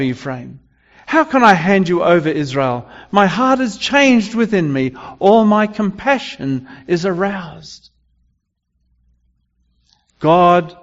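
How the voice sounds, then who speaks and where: Preacher guy, slow and stop-start, kinda high voice, dull recording in a big echoey church hall. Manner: halting, with many restarts and fillers. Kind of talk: sermon.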